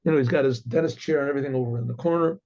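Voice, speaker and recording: A man, a rabbi, telling a story in a halting way, with restarts and frequent throat clearing. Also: mid-range voice, darkish tone, lo-fi sound. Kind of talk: oral storytelling.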